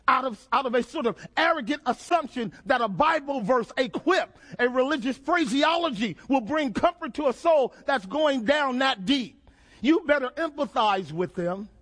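Male preacher, very high voice, dramatic sermon delivery with repeated questions. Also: fairly bright tone. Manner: dramatic, call-and-response questions, repeats phrases.

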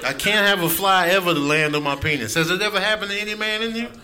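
A man in his thirties doing an animated stand-up comedy set on a club stage, acting out other people's voices. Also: high-pitched, fast, crowd noise. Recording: live recording with audience noise.

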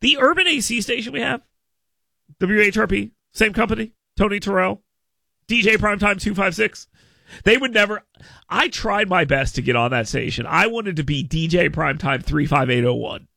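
A male radio show host in casual talk radio banter, animated and rambling, often restarting words and stammering. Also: high-pitched, moderate pace, creaky, no room sound, studio quality.

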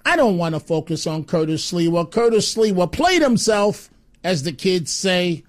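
Guy hosting talk radio, pretty high voice, punchy and repeats himself, kinda sarcastic. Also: animated, normal speed. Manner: emphatic, repetitive, openly sarcastic. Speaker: radio talk show host. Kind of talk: talk radio monologue and call-in. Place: radio studio.

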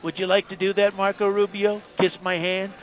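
A bragging, rambling president who circles back to praise himself over and over, as a man puts him on in a comedy sketch. The voice sits high for a man. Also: little pitch movement, brisk, muffled recording, natural voice. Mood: mocking. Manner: rambling, self-praising, repetitive. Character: boastful rambling male president.

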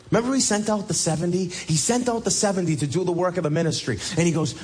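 A man preaching a sermon as pastor, emphatic and repetitive, often rising sharply in pitch to drive a point home. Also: lively intonation, quick pace, a little mellow.

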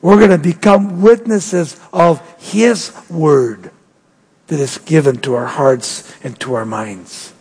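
Male pastor, high husky voice, dramatic sermon delivery, long reverb. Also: slow, darkish tone. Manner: preaching with sweeping rises and drops in pitch.

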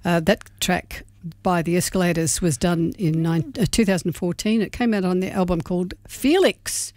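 Chatty Australian community radio host. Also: male voice, high-pitched, normal speed, a little mellow, no echo. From Melbourne, Australia. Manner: chatty, reads announcements with small slips. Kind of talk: casual radio chat and gig guide.

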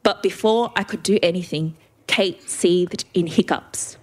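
A woman's voice: fairly low pitch, a little slow. A woman reading a first-person story aloud with vivid expression.

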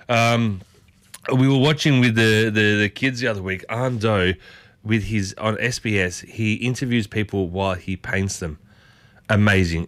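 A man's voice: on the low side, fairly bright tone, no echo. A man hosting a breakfast radio show in casual, folksy chat, firing questions at his listeners. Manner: chatty and folksy, quizzes listeners with strings of questions.

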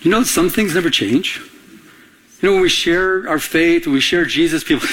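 A man's voice: a little high, a little fast, fairly bright tone. A middle-aged male pastor preaching a conversational sermon, firing off rhetorical questions and calling on the congregation to answer.

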